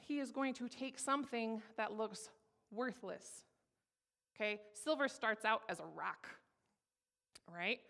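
A woman in her thirties gives a personal testimony, telling her story in a candid, humorous, lively way. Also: on the high side. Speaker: speaker giving a personal testimony.

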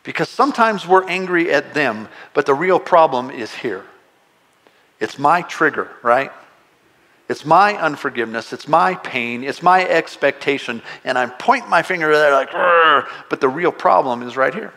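A man delivers a sermon as pastor with his voice pitched a touch high for a man. He keeps it conversational and playful, then lifts his voice emphatically on the big points. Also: animated, normal speed, pushed and bright. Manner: conversational preaching with playful asides; emphatic, rising on exclamations.

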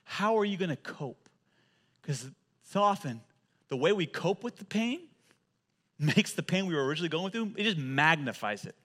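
A male pastor preaching a sermon, telling animated stories and often repeating words as he goes. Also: a little high, normal speed, pauses often.

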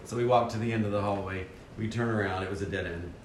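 A man with a lowish voice tells a church mission story in a casual, animated way, poking fun at himself and acting out his own thoughts. He sounds like he's in a roomy, echoey space. A faint rumble sits underneath. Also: quick pace. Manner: animated, acts out his own inner voice, self-deprecating. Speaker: church member sharing a mission trip story.

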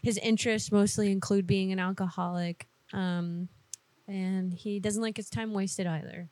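A woman's voice: mid-range voice, steady tone, moderate pace, darkish tone, dry recording. A woman co-hosting a prank-call stream, teasing and laughing. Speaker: stream co-host. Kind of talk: casual live-stream chat.

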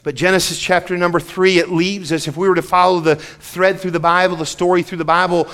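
A fervent preacher, a man in his forties, with a fairly high voice for a man. He sinks to quiet, tender passages and then climbs into rising, urgent exhortation, stumbling over and repeating words as his intensity builds. The delivery feels like live preaching from the pulpit. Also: flat delivery, fairly quick, few pauses. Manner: swings between hushed, intimate passages and rising, fervent preaching. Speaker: pastor. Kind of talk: sermon.

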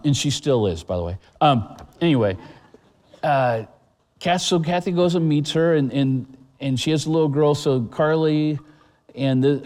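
A middle-aged man delivers a sermon in an earnest, conversational way, often pausing with fillers and restarting his phrases. His voice sits in an ordinary middle pitch. The recording carries the long reverb of a large church hall. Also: warm tone. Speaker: pastor.

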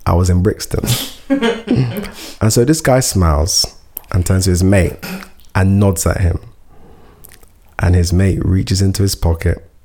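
A man's voice: sits low, unhurried, pauses often, a little hiss or hum. A man chatting casually, telling a funny story and acting out what people said. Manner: animated, laughing storyteller who acts out quotes.

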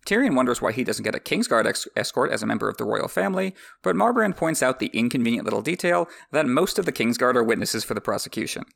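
A man's voice: mid-range voice, sing-song, quick pace, creaky, hardly any pauses, a bit bright. A man hosting a podcast, reading a book aloud with wry, joking asides. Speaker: podcast host. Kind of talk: reading a book with comedic commentary.

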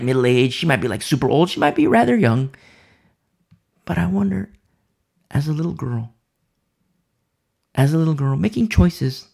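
A man preaching a Bible sermon with passion, dropping to hushed asides and repeating phrases for effect. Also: on the high side, vocal fry, husky. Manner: impassioned, swings between loud emphasis and hushed asides.

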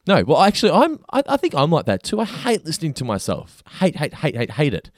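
A man co-hosting a podcast, recapping and teasing his co-host in lively casual chat. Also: on the high side, brisk, dry recording, clean studio sound. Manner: animated teasing storyteller.

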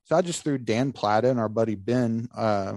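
Male host, casual storyteller, jumps into quotes, middle pitch, dry close mic. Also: normal speed, dry recording. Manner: animated storyteller acting out quotes. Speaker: podcast host.

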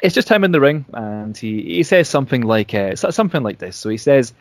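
A man's voice: medium pitch, very animated, a little fast, hardly any pauses, dry recording. A man casually retelling a wrestling storyline, rambling with restarts and fillers.

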